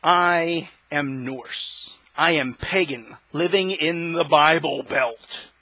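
A male host in a fiery, preaching monologue, his voice high and husky with a sharp, forceful edge. He climbs into shouts as he presses his points. The sound is close and dry. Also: takes it slowly, no room sound, rough recording. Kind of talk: impassioned opinion monologue.

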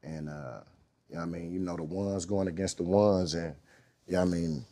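A man in his thirties telling a story as a guest, relaxed and slangy, swearing freely and often asking "you know what I mean". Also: low-pitched, fairly quick. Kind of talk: casual storytelling.

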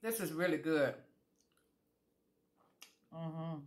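A woman's voice: low voice, drawn-out words. A woman food vlogger tasting jellies on camera, chatting casually to her viewers with savoring murmurs between bites.

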